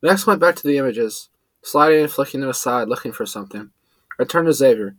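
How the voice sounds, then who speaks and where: A man's voice: brisk, no echo, rough recording. A man tells a first-person adventure story in a dry, close-up recording. His voice sits in a middle register and rises when he voices the characters. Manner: lively, shifts pitch up for quoted characters. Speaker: narrator.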